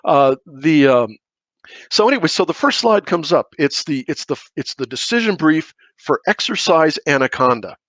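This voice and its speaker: A man's voice: a little high, very animated, normal speed, fairly bright tone, no echo. A middle-aged man telling war stories as a podcast guest, rambling through restarts and asides. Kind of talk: casual storytelling.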